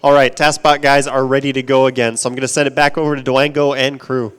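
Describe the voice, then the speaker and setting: A man's voice: mid-range voice, little pitch movement, fast, clean tone. A man reading out donations and urging viewers on during a live charity gaming stream. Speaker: donation reader. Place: event stage.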